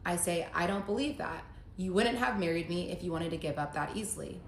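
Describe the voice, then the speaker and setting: A woman's voice: fairly low pitch, fairly quick. A woman telling her own breakup story in a casual monologue, emotional, reading messages aloud in her own voice. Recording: echoey room.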